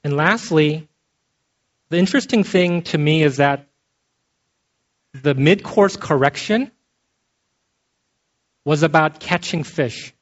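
A man gives a sermon in a relaxed, talky way, pausing now and then to ask his listeners "okay?" His voice sits a little high for a man. The recording is muffled and lo-fi. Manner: conversational, checks in with frequent "okay?". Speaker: pastor. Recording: dull lo-fi sound.

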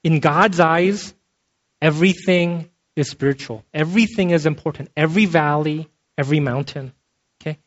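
A man's voice: on the high side, normal speed. A man preaching a sermon in a conversational way, often checking in with his listeners by asking "okay?". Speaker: pastor. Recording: dull lo-fi sound.

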